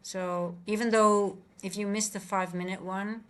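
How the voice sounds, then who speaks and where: A woman's voice: medium pitch, steady tone, a little slow. Dutch woman chatting through a live trading stream. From Netherlands. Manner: chatty, self-correcting, reads and answers live chat.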